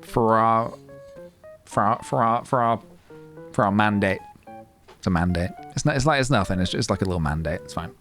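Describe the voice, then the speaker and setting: A man's voice: lowish voice, moderate pace, pauses often, a bit bright. Playful man streaming a game. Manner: playful, rambling, with sing-song noises. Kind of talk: casual live-stream chat while playing a game. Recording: faint guitar music behind.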